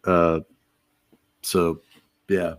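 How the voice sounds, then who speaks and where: A man with a fairly low voice co-hosts a casual podcast. He talks in an easygoing, hesitant way, leaning on fillers as he gathers his thoughts. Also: level tone, very slow. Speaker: podcast co-host. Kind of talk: casual chat.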